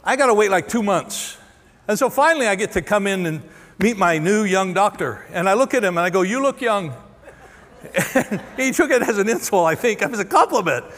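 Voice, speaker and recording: High-voiced pastor in a big hall. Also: male voice, lively intonation, fairly bright tone. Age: 60s. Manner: candid, self-deprecating, halting restarts. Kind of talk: storytelling sermon. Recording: long church hall reverb.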